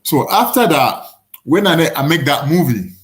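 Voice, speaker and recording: A boxer in his forties from Africa appears as a guest, telling lively stories casually in broken English and imitating other people's voices. His voice is a little high and his speed normal.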